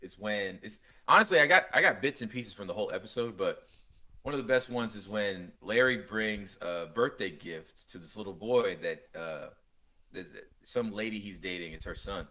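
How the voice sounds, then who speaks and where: Animated young man telling stories. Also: on the low side, normal speed. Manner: animated storytelling, acts out scenes with quoted voices. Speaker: podcast co-host. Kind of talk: casual chat.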